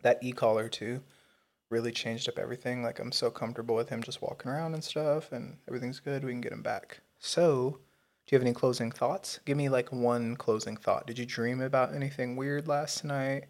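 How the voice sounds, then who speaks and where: A man's voice: mid-range voice, fairly even intonation, fairly quick. A man co-hosting a podcast, chatting in a laid-back way and swearing casually. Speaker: podcast co-host. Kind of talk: casual chat.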